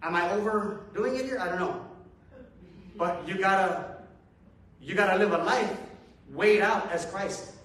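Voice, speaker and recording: A man's voice: high voice, a little slow, pauses often, fairly bright tone. A man preaching a conversational sermon to a congregation, casual and self-deprecating, with chuckling asides. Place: church hall with a congregation. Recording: echoey hall from far off.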